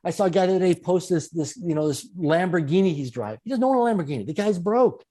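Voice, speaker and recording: A middle-aged man telling stories as an interview guest, animated and repeating phrases for emphasis. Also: high voice, fast talker. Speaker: guest speaker. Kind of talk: storytelling in a conversational interview.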